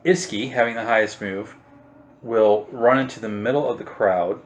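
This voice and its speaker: A man's voice: lowish voice, normal speed, a little hiss or hum. A man running a tabletop game as game master, steadily explaining rules and narrating the action. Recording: echoey room.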